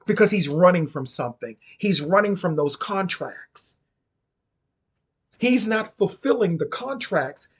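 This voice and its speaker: Sassy husky-voiced man chatting. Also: high-pitched. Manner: sassy, chatty, repeats and restarts phrases. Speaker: occult commentator. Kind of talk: casual spoken commentary.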